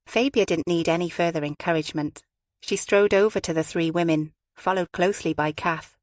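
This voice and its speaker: A woman reads a novel aloud in a measured, even way. Her voice is low and the sound is dry and close, with no room around it. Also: no echo. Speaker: audiobook narrator. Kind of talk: scripted narration.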